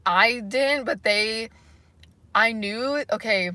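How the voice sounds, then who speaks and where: Young Canadian woman livestream host, rambly and giggly, bright forward tone, dry close sound. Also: on the high side, slow pace, dry recording. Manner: rambling, laughing often, lots of "like". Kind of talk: casual livestream chat, reading comments.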